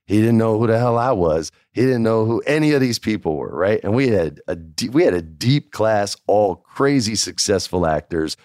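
A man telling a casual anecdote in an animated way, often adding "like" and "right?". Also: on the low side, normal speed, hardly any pauses, no echo, clean studio sound.

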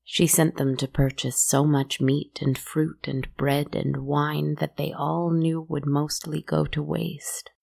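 A woman telling a dark fairy tale in a slow, measured and hushed way. Her voice is low, mellow and heavily gravelly, with little rise and fall. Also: little pitch movement. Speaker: storyteller.

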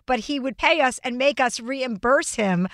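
A woman's voice: sits high, lively intonation, moderate pace, a bit bright, no echo. A woman in her forties hosting a podcast in casual chat, with a dry, teasing manner. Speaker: podcast host.

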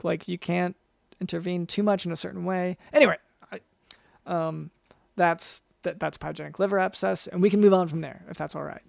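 A man co-hosting an improvised comedy podcast as a doctor, with a gravelly voice and a hesitant, rambling way of talking full of restarts. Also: high voice, a little mellow, no echo, studio quality. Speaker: podcast co-host playing a doctor.

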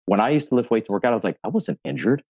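A man in his forties, a gym owner and fitness coach, telling his story in a podcast interview, animated and casually profane, acting out what people said. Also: mid-range voice, very fast, no echo. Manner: animated storyteller, acts out quotes, swears casually.

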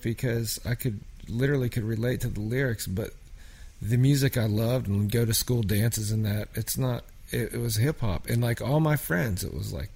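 A man from small-town Pennsylvania talks through his songwriting stories in a casual interview. His voice is a bit low and husky. He rambles, full of "like" and restarts, and grows animated when he gets into a tale. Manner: rambling, filler-heavy, animated anecdotes. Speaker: songwriter guest.

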